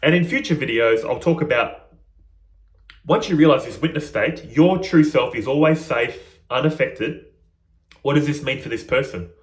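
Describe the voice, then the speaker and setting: A man's voice: medium pitch, normal speed, roomy sound. A man giving an informal, earnest spiritual lesson to his viewers in a conversational way. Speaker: spiritual teacher.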